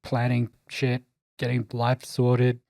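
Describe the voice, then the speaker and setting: A man's voice: medium pitch, monotone, slow pace, vocal fry, a little mellow, no echo. Laid-back young guy. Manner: laid-back, swearing, trailing off. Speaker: podcast guest, player. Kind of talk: casual podcast chat.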